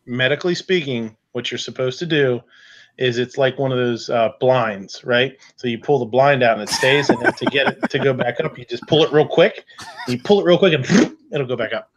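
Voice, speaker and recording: A man hosting a casual live viewer show, joking and laughing along with his co-host. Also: medium pitch. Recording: dull lo-fi voice. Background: daughter on couch nearby.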